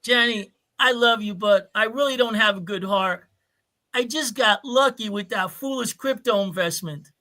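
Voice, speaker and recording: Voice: mid-range voice, normal speed, bright, forceful tone, close to an everyday voice. A performer voicing an earnest young man in an amateur radio drama, speaking heartfelt and hesitant. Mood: humble. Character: earnest young man proposing to his sick girlfriend.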